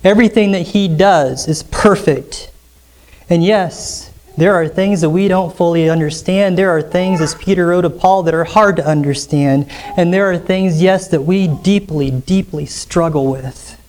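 A man preaching a sermon as pastor, emphatic and rising sharply on key lines, slowing down when quoting scripture. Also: high-pitched, darkish tone. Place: church sanctuary.

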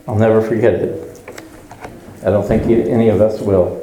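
A man's voice: lowish voice, fairly even intonation, normal speed, mellow, echoey room, a little hiss or hum, low-quality recording. A man preaching a conversational sermon at a church service, earnestly putting rhetorical questions to the congregation.

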